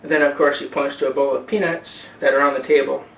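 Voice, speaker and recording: A man vlogging, telling a joke in a halting, rambling way full of fillers and restarts, on a distant camera mic at home. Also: medium pitch, steady tone, gravelly, fairly bright tone. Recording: roomy echo, far from mic, faint hiss.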